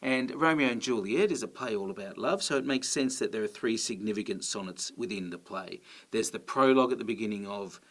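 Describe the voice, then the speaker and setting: A man, explaining poetry in a relaxed, friendly teaching style with casual fillers. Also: lowish voice, fairly quick. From Australia. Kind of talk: educational explainer.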